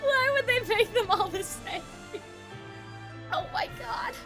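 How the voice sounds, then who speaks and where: A woman streaming a game, reacting in excitable, laughing commentary. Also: very high-pitched, slow pace, over music.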